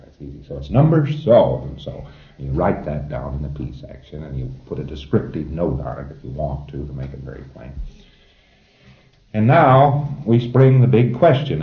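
A man's voice: low-pitched, roomy sound, dull audio. A man giving an informal lecture to a class of trainees, emphatic and wry, chuckling at his own jokes.

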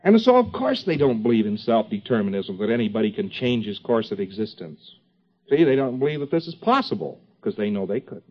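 A man's voice: lowish voice, sing-song, fairly quick. Rambling male lecturer on dull old tape. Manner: rambling, joking asides, frequent fillers and restarts. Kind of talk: informal recorded lecture to a class.

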